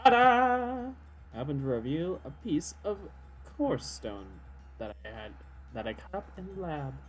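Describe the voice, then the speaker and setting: A man's voice: medium pitch, big pitch swings, moderate pace, dark tone, soft background music. A man co-streaming a game, reading its text aloud and trading giggly, playful teasing with his partner. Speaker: let's play co-streamer. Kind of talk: casual gaming banter and reading game text.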